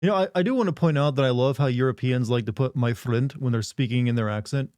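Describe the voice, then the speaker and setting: A man riffing with his live chat in loose, joking banter. His voice is warm and mellow at a middling pitch. He is recorded close and dry on a desk mic. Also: quick pace, clean tone, dry recording. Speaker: livestream host. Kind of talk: casual live-stream chat.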